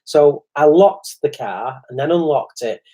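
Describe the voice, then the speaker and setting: Man telling lively anecdotes. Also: on the high side, a little slow. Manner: animated storyteller, voices quoted people. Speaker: podcast co-host. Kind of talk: casual chat.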